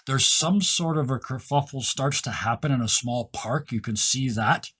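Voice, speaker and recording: A man running a tabletop role-playing game, describing scenes with enthusiasm and quick asides. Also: mid-range voice, fairly bright tone, breathy edge. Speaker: game master.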